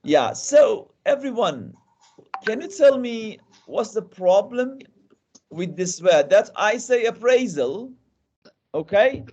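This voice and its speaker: A man's voice: high voice, very animated, takes it slowly, a little mellow, dull audio. A man giving an online lecture to teachers, talking interactively and often restarting and repeating words. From Iran. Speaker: guest lecturer. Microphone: video call.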